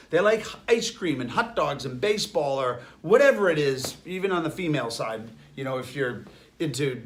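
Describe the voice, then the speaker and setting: High-voiced Boston man lecturing. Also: fairly bright tone. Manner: emphatic, rhetorical questions. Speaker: health lecturer. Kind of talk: lecture to an audience.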